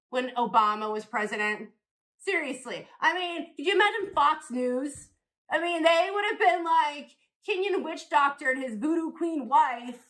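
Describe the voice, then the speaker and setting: High bright profane female comic. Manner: rambling, profane, provocative. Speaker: comedian and podcast host. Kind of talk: crude stand-up rant.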